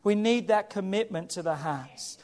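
A man's voice: high voice, moderate pace, darkish tone. A man preaching a sermon as a pastor, emphatic and exhorting, often urging his congregation on. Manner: emphatic, exhorting, repeats "come on". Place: church.

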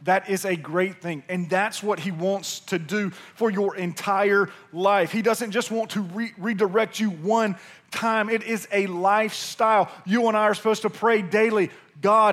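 A man's voice: high voice, a bit bright. A man with a Mississippi Southern accent preaching a sermon in a folksy, humorous storytelling way. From Pearl, Mississippi. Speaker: pastor.

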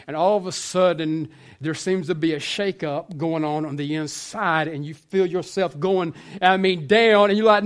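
A man preaching a sermon, telling a story with lively swings from hushed asides to shouted lines. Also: high-pitched, moderate pace, few pauses.

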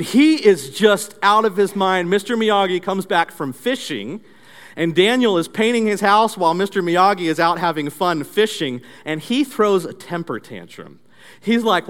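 A male pastor giving an interactive sermon through animated storytelling, leading the audience in call-and-response drills. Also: sits high, normal speed. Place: church. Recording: long church reverb.

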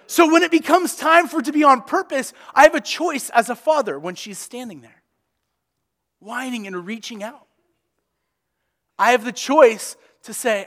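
Young male pastor, high voice, relaxed storytelling sermon, long church-hall echo. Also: moderate pace. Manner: conversational, animated storytelling.

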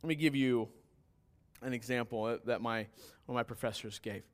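A man preaching a sermon in a conversational way, telling stories and acting out their characters. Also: moderate pace. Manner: conversational preaching with anecdotes and restarts; acts out story characters with sudden higher pitch. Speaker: pastor.

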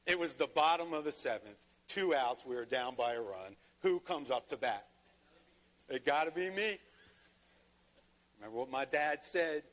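A man's voice: fairly high pitch, fairly bright tone. A man pastor preaching a sermon, telling a personal story and rising to emphatic peaks. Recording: long hall reverb.

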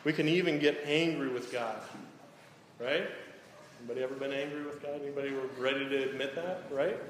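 A man preaching a sermon, talking directly to the congregation and often checking in with "right?". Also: fairly high pitch. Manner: frequent "right?" tag questions to the congregation. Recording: echoey hall, some background noise.

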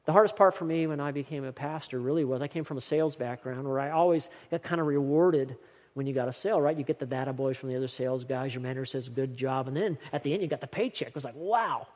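A man's voice: mid-range voice, quick pace, darkish tone. A male pastor preaching a sermon in a church, driving his points home with short, repeated exhortations. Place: church sanctuary. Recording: long reverb of a hall.

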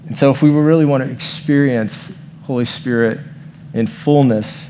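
A man preaching in a relaxed, conversational way, his pitch sitting in an ordinary middle range. He talks to the room informally as their pastor and guides them into prayer. A faint hiss sits under his voice. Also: moderate pace. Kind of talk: conversational sermon.

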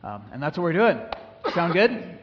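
A man leading a church meeting as pastor, talking in a relaxed, conversational way with frequent fillers, and praying before his congregation. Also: on the high side, moderate pace, a little hiss or hum. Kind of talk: church meeting address and prayer. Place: church room with a small gathering. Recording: dull live-stream recording in a reverberant hall.

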